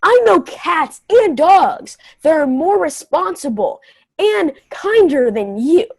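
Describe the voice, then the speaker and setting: A woman's voice: extremely high pitch, very animated, slow pace, dry recording, poor audio. Teen girl improviser, exasperated and indignant, dry close mic. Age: young teen. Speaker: improv camp performer. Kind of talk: improvised comedy scene over video call. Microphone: video call.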